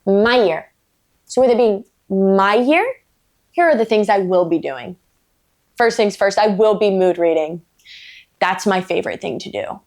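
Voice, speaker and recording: A woman's voice: mid-range voice, animated, measured pace, pauses often, darkish tone. Blunt, swearing woman book vlogger. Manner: blunt, emphatic, swears freely; playful, self-mocking asides. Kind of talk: casual vlog rant.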